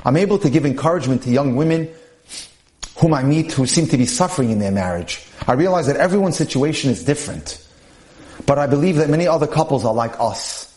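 Male speaker, higher voice, earnest and measured, reads a story aloud and comments on it; roomy, echoey sound. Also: expressive, darkish tone. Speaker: speaker on marriage. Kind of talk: reading a first-person story aloud with commentary.

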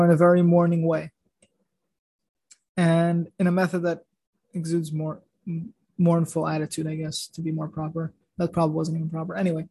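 High-voiced man retelling a Torah story. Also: a little mellow, dry recording. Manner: rambling, many restarts and fillers. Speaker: podcast host.

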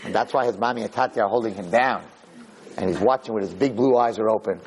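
A man teaching a religious lesson through animated storytelling, acting out the people in his stories. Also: on the low side, fast talker, breathy edge. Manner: animated storyteller, acts out characters. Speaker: Torah teacher. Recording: podcast audio.

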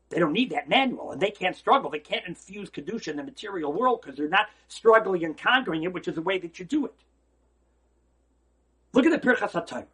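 A rabbi gives a holiday Torah lecture in a high, breathy-edged voice. He preaches emphatically, poses rhetorical questions, and alternates between loud exclamations and quiet asides.

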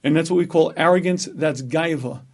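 A rabbi giving a Torah lecture, speaking emphatically, asking rhetorical questions and repeating phrases for effect. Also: male voice, fairly high pitch, moderate pace. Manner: acts out an inner voice in dialogue.

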